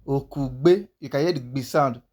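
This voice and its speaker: A language teacher, male with a medium-pitched voice, leads a pronunciation lesson. He speaks slowly and patiently, repeating each sound many times.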